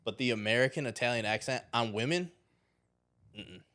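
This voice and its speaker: A man from Chicago with a Chicago accent, hosting a casual podcast chat in a blunt, profane, animated way. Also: medium pitch, moderate pace. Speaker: podcast host.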